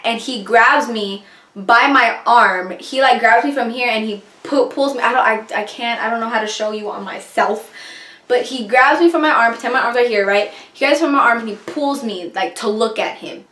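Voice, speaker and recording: A woman's voice: fairly high pitch, normal speed, a bit bright, echoey room. A young woman vlogger telling a personal story in a rambling, casual way, full of fillers. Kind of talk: storytime vlog, casual retelling.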